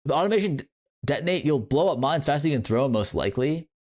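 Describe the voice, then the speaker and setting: A man's voice: a little high, animated, very fast. A young man streaming games, chatting casually to his viewers in a rambling, playful way with lots of fillers. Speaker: game streamer. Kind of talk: casual livestream chat.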